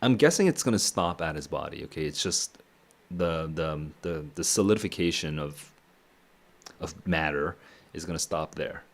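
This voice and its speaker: A man with a notably low voice reads a novel aloud on his stream. He stops often to muse on what he has read and chuckles as he goes. It is a relaxed, unscripted read-and-react session. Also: normal speed. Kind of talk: casual reading and reacting.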